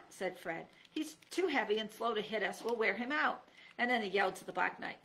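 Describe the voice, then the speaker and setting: A woman's voice: a little fast, gravelly. A woman who works as a teacher reads a children's storybook aloud, jumping her voice up and down to act out each character. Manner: lively, voices each character with pitch jumps.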